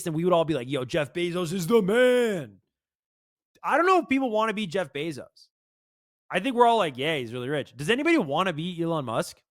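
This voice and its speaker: Brief: man in casual commentary, chatty, slangy, animated, pitch a touch high. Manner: chatty, full of "like" and "bro", reads lyrics aloud. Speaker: music reaction video host.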